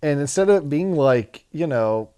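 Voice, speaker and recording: Chatty male co-host who says "like" a lot, fairly high voice. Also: lively intonation, normal speed, dark tone, smooth. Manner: filler-heavy, keeps saying like. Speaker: podcast co-host. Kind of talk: casual chat.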